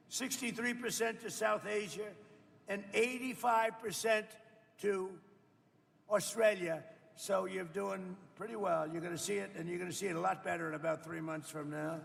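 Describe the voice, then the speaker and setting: Man in his 70s, off-the-cuff roundtable speech, boastful, repetitive, gravelly, long hall reverb. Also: high voice, steady tone, normal speed, a bit bright. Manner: rambling, boastful, repetitive, with asides to the audience. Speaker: politician speaking at a roundtable. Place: event room with people around a table.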